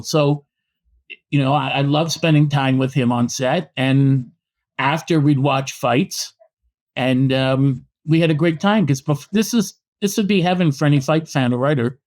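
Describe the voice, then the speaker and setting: Middle-aged boxing historian from Canada, a man telling stories in an interview with restarts and acted-out quotes, voice sitting a bit high. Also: moderate pace. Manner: animated anecdotes, frequent restarts and acted quotes. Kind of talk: storytelling in a podcast interview.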